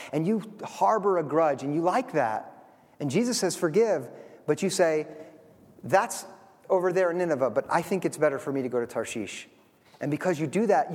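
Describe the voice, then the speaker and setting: Pastor, male, high voice, emphatic sermon delivery, church hall echo. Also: a little mellow. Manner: emphatic, asks the congregation rhetorical questions. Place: church sanctuary. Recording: long hall reverb.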